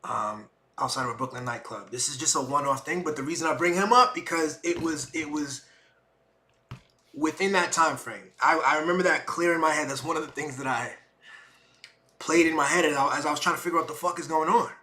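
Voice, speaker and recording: A man's voice: on the high side, fairly quick. A middle-aged man, hosting a podcast and telling a personal story with emotion, acting out what people said. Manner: emotional, animated retelling with acted-out quotes. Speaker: podcast host.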